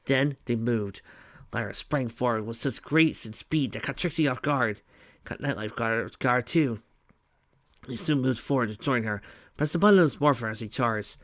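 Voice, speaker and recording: A man reading fan fiction aloud in a steady voice, with small slips and restarts. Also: mid-range voice, moderate pace, dry recording, clean studio sound. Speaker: reader.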